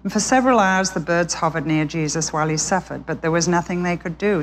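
Expressive woman Bible teacher telling a story. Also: on the low side, fast, a little hiss or hum. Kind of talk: sermon told as a children's story.

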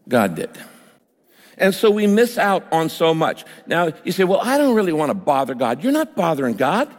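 An older man preaching a sermon as pastor, telling a personal story and building to emphatic outbursts. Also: on the high side. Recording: long hall reverb.

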